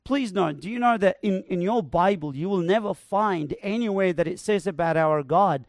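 A man preaching a sermon, building to emphatic proclamations with slow, repeated phrases. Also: high-pitched, dry recording, studio quality.

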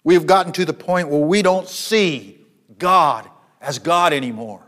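A man preaching a sermon, rising to loud, high repetitions and dropping to soft, low passages, often restarting his phrases. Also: a little slow. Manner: repeats words and restarts phrases.

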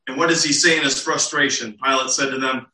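A man's voice: medium pitch, steady tone, fast, bright, forceful tone. A man preaching an expository sermon in a church, asking rhetorical questions and acting out the quotes he reads. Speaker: pastor. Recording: echoey room, mic at a distance.

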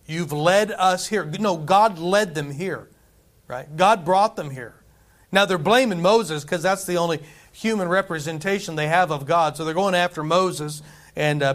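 A man's voice: a little high, fairly bright tone. A man preaching a conversational sermon, repeating phrases for emphasis. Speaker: pastor.

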